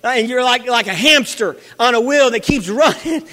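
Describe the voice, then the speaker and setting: A man's voice: very high voice, normal speed, bright, forceful tone. A male pastor preaching a sermon, repeating his phrases and calling out for amens from the congregation. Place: church hall. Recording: long reverb of a big hall.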